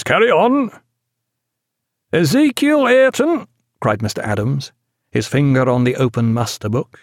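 Man, audiobook narration, gravelly voice, dry close-miked sound. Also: mid-range voice, dry recording. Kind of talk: scripted narration.

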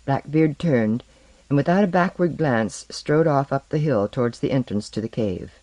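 A man narrating a fantasy story aloud in an expressive, lively storytelling manner. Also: medium pitch, no echo. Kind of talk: audiobook reading of a fantasy story.

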